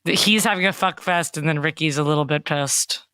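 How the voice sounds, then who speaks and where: A woman in her thirties co-hosting a comedy podcast, quick-witted and jokingly mock-offended. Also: sits low, fairly bright tone, no echo, studio quality. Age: 30s. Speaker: podcast co-host. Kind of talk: casual comedic chat.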